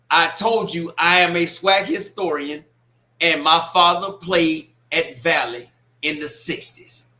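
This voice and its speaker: A man with a fairly high, sharp-toned voice hosts a sports watch party livestream in an echoey room. He reads viewer comments aloud and scolds a troll, laughing and swearing as he goes.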